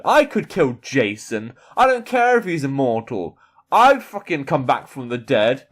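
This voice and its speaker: A man's voice: mid-range voice, big pitch swings, normal speed. Male YouTuber, mock-boastful, swears a lot, reads quiz options and reacts. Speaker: YouTuber playing a character persona. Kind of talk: reading an online quiz aloud with reactions.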